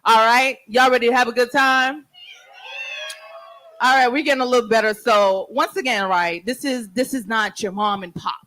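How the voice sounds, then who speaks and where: A woman's voice: a little high, moderate pace, bright, forceful tone, low-quality recording. Brash, playful woman hosting a live open mic. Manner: brash, playful crowd-hyping banter with profanity. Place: stage of a live venue. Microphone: handheld stage mic.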